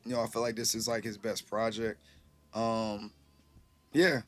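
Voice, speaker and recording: A man's voice: fairly low pitch, level tone, unhurried, faint music behind. A man casually chatting with his live-stream viewers, rambling loosely and swearing freely, a little tipsy.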